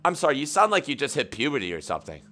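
A man's voice: mid-range voice, wildly swooping pitch, rapid-fire, pushed and bright, faint music behind. A male streamer hosting a comedic meditation bit, sounding flustered and exasperated as he complains. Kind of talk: comedic live-stream chat.

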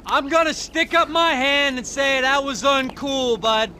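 An actor playing a smug, laid-back tennis coach in a video game, with breezy bro talk. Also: male voice, very high voice, fairly even intonation, measured pace, pushed and bright, a little hiss or hum, full character voice.

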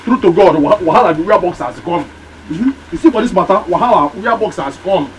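An actor playing a chatty male friend who gives street advice in Nigerian Pidgin, animated and dotting his talk with "eh?". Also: high-pitched, fairly quick, a little hiss or hum. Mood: advising. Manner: animated, peppered with "eh?".

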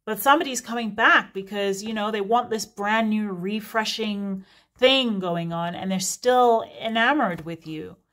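A woman host talks casually and off the cuff in a middle-pitched voice. She rambles from point to point and often breaks off into laughing asides. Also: measured pace, a bit bright. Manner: chatty, rambling, prone to laughing digressions. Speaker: tarot reader. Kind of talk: casual unscripted reading to camera.

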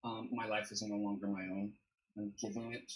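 A man who is a deacon and theologian, explaining ideas in a measured, thinking-aloud way as a guest on a livestream discussion. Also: lowish voice, little pitch movement. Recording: echoey room.

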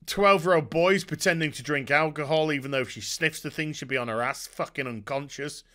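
A man's voice: fairly high pitch, brisk, bright, forceful tone. A man giving a profane, sarcastic rant about a TV show. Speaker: YouTube TV reviewer. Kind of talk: ranting TV review.

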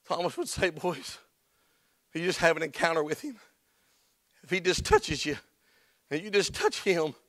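A man preaching a sermon as pastor, folksy and plain-spoken, building up to shouts in church. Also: a little high, no room sound. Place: church sanctuary.

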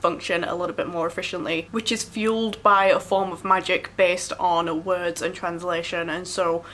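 A woman's voice: fairly low pitch, little pitch movement, moderate pace, fairly bright tone. A young woman in her twenties, reviewing a book on her vlog with gushing enthusiasm and frequent laughs. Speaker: book vlogger.

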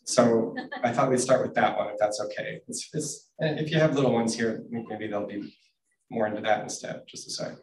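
A man's voice: mid-range voice, moderate pace. Man from Canada, casual book reading, chatty and self-deprecating, roomy sound, mic far off. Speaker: author reading his picture books. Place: bookstore event room.

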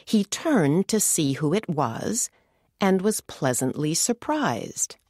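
A woman narrates a story slowly and clearly for English learners. Her voice is low yet lively in pitch. The recording is dry and close. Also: dry recording. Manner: slow and clear, expressive.

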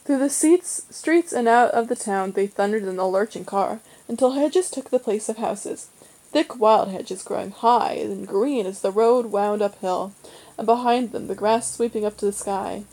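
A woman with a mellow, warm voice reads a children's novel aloud. Her delivery is steady and measured, with a middling pitch. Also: rough recording. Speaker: reader. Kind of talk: audiobook reading of a children's novel.

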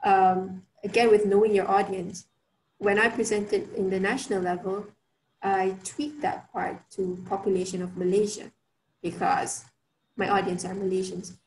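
Speaking at a moderate pace with a flat delivery, this young woman presents an online workshop, chatting along with lots of fillers and false starts. She has a darkish, mid-range voice. Slight background noise and faint ambience fill the roomy recording.

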